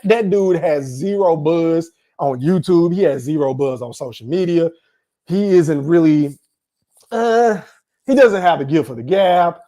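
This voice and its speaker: An animated man with a high-sitting voice hosts a live boxing podcast, offering casual stream commentary. He laughs often and speaks directly to the chat.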